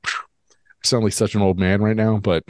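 A man's voice: on the low side, moderate pace, clean tone, no echo, clean studio sound. A man co-hosting a podcast, chatting casually and acting out both sides of an old argument. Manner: animated storyteller, acts out both sides of arguments. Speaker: podcast co-host. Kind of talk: casual chat.

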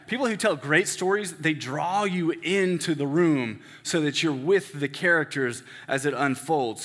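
A man preaching a sermon in a relaxed, conversational way, often checking in with the congregation. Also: fairly high pitch. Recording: echoey hall with long reverb.

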